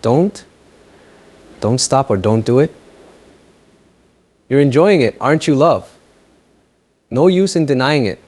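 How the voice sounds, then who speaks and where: A man voicing a possessive, menacing young lover who taunts slowly in an audio fan fiction story. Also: medium pitch, animated, a little mellow. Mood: taunting. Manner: slow, taunting, mocking.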